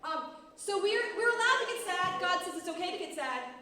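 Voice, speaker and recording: High bright woman teaching kids. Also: normal speed. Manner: expressive, dramatic reading with questions to the children. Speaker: children's church teacher. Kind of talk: interactive Bible lesson for kids. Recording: echoey room, mic at a distance.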